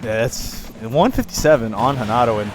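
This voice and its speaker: A man's voice: medium pitch, lively intonation, moderate pace, music in the background, poor audio. A man doing casual, joking commentary on a fighting game tournament, bantering with his co-commentator. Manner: joking, laid-back banter with trailing asides. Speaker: esports commentator.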